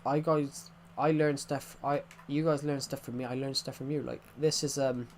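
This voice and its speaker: A man's voice: mid-range voice, flat delivery, normal speed, slight background noise. A young man from England with an English accent, chatting casually while live-streaming a game, rambling, repeating himself and restarting his sentences.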